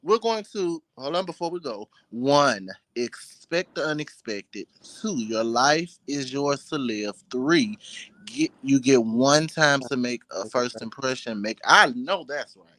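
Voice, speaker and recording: A man hosting a casual talk show, with a mid-pitched voice that he keeps pushing up for playful emphasis. His manner is sassy and animated. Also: unhurried, no room sound, poor audio. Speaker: host. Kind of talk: casual chat.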